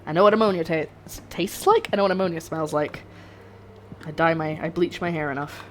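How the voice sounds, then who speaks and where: A young woman live-streams herself cooking in her home kitchen, chatting and rambling to viewers over faint background music. Her low-sitting voice has lively intonation and a fairly quick pace, with a little hiss or hum.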